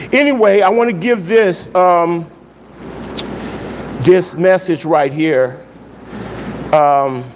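A man preaching as pastor to a congregation, emphatic and affectionate, repeating his key phrases. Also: fairly high pitch. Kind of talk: church sermon to a live congregation. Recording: roomy hall with background noise.

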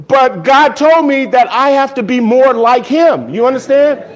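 A man preaching a sermon as pastor, animated and acting out little scenes with voices and laughter. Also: very high-pitched, unhurried.

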